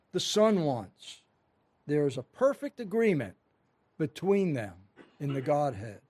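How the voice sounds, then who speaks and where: Man, high-pitched voice, pastor, sermon, emphatic, earnest. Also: darkish tone. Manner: earnest, emphatic preaching with scripture reading.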